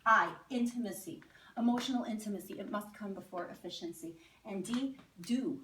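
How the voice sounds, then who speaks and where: A woman giving a talk to a live audience as a guest speaker. She keeps drawing the room in with questions. Her voice comes from a distance in an echoey hall, with a faint hiss underneath. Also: medium pitch. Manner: engaging, asks the audience questions.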